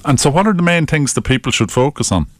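A man's voice: a little high, expressive, fast, dry recording. A man hosting a radio interview, chatty and joking as he puts open questions to his guest. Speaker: radio host.

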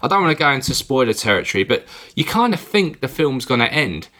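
Bright-voiced chatty English man. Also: mid-range voice, sing-song, fast talker. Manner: chatty, rambling, swears casually. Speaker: podcast co-host. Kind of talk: casual film review chat.

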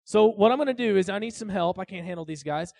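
Pushy modern-talking king, voiced by a preacher, gravelly, close and dry. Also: sits high, fast talker, darkish tone, no room sound. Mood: panicked. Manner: casual modern slang. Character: panicked, pushy ancient male king.

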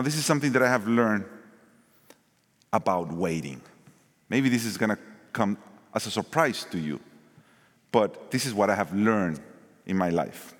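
A man preaching a sermon, shifting between loud emphasis and quiet asides. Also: fairly low pitch. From Mexico. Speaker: pastor. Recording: long hall reverb.

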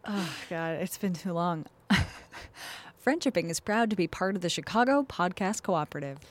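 A woman co-hosting a podcast in casual chat, playful and giggly with sudden loud exclamations, into a studio mic. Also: lowish voice, animated, moderate pace. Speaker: podcast co-host. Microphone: studio microphone.

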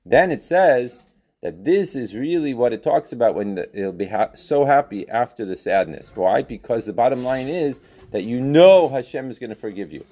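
A man teaching a religious text class, animated, questioning students and repeating phrases as he explains. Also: medium pitch, normal speed. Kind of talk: interactive class lecture.

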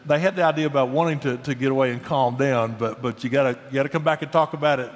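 An older man giving marriage advice in an earnest, folksy way, telling stories with lively emphasis. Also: mid-range voice, quick pace. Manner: earnest, folksy, animated storytelling. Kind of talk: conversational advice. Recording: long reverb.

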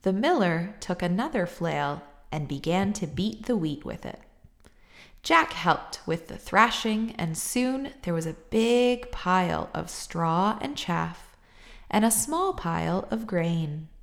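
A woman hosting a book podcast, reading a picture book aloud in a gentle, measured way and chatting. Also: fairly low pitch, big pitch swings, gravelly. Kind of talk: storybook read-aloud and casual chat.

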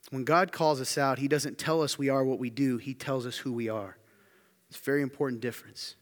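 Talking fast in a steady tone, a pastor gives a sermon to his congregation, heard with long hall reverb in a church hall. His emphatic delivery is peppered with rhetorical questions and mounts to loud, high-pitched intensity.

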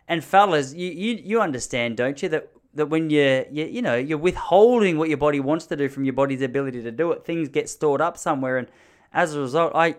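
A man telling an embarrassing story from his youth in an animated, self-mocking way. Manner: animated, self-mocking, jumps into high panicky voices for his younger self. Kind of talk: comic storytelling.

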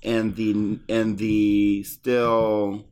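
A man's voice: fairly low pitch, little pitch movement, a little mellow, smooth. A man hosting a podcast, recapping wrestling in rambling casual chat full of restarts. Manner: rambling, stumbling restarts, quick to laugh.

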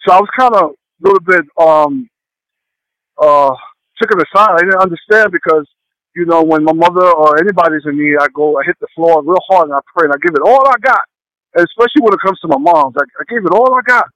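Earnest man telling a heartfelt story, halting delivery, high-pitched voice, dry close sound. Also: fairly bright tone, dry recording, low-quality recording. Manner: halting, with many pauses and fillers. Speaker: guest sharing a personal testimony. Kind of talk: emotional personal testimony.

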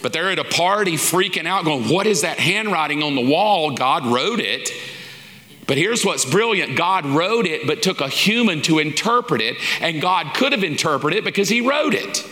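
The voice is a man's, a little high and sharp, very animated and at a moderate pace. He's a pastor delivering a conversational, folksy sermon in a teaching series, acting out small quoted asides as the big hall's long reverb rings around him.

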